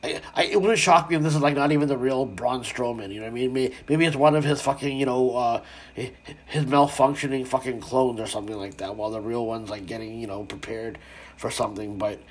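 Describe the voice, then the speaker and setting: A man's voice: mid-range voice, a little fast. A man hosting a casual commentary stream, ranting in a rambling way with lots of swearing, fillers and restarts.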